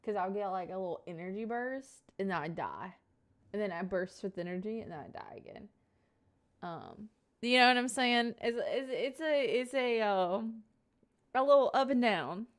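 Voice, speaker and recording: A woman's voice: medium pitch, normal speed. A young woman live streamer chatting casually and playfully with her viewers, giggly and rambling, sitting at home at a desk mic.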